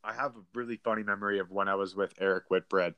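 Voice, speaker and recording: A man's voice: fairly low pitch, steady tone, fast talker, smooth, dry recording, lo-fi sound. A young man co-hosting a podcast, telling a story in a rambling way with lots of fillers and laughs. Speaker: podcast co-host. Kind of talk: casual chat.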